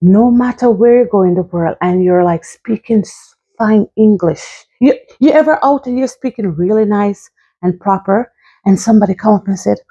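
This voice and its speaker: A woman's voice: medium pitch, moderate pace, mellow, slightly rough, muffled recording. A Jamaican woman hosting her family vlog, talking straight to her viewers in a chatty, emphatic way. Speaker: family vlogger. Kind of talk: casual direct-to-camera vlog.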